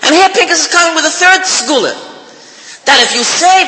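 An older man preaches in a very high, piercingly bright voice, joking and repeating his points with animated energy as he chants prayers. His voice rings with a long echo through a hall, over a faint background hum. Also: brisk. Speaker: speaker giving a talk. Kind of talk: humorous sermon. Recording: echoey hall with faint noise.

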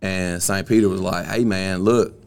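A man's voice: sits low, fairly even intonation, normal speed, gravelly, a little mellow. A middle-aged man hosting a podcast, telling a long joke in casual, rambling talk. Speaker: podcast host.

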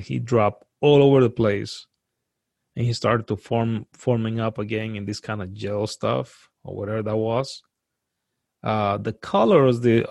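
A man who grew up outside the US, earnestly recounting a frightening personal experience as a guest, in a halting way that repeats words and restarts. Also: medium pitch, creaky, a little mellow, no room sound. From outside the US, now lives in the US. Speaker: guest telling a personal story.

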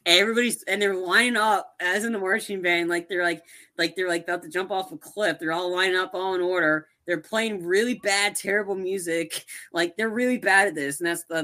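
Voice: mid-range voice, steady tone, fairly quick, sharp tone. A young adult podcast co-host chatting casually about a movie, rambling with lots of fillers and restarts.

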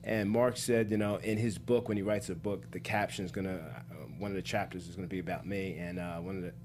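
A man chatting casually as a guest, telling lively stories and acting out the voices in them, stumbling over his words when excited. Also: sits low, quick pace. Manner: animated storyteller, acts out voices in anecdotes. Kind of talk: casual podcast chat, storytelling.

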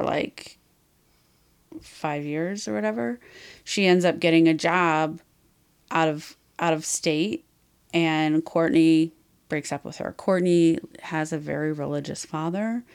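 A woman's voice: low voice, fairly even intonation, a little slow, creaky, darkish tone, clear, resonant tone. A woman podcast host in casual chat, retelling a story in a frank, rambling way with many fillers.

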